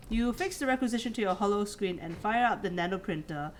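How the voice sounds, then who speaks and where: A woman's voice: medium pitch, lively intonation, brisk, few pauses, fairly bright tone, a little hiss or hum. A woman streaming a story game, reading its text aloud and chatting with self-deprecating humour. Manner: chatty, laughs at herself.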